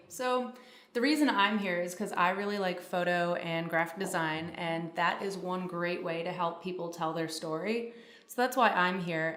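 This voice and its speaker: Young woman interviewing on a podcast, lowish voice, echoey room. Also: a bit bright. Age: young adult. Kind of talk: casual interview chat.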